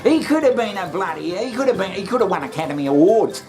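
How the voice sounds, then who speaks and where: A woman's voice: mid-range voice, animated, fast talker, music in the background. A woman hosting a satirical comedy show, sarcastic and full of swearing, often laughing.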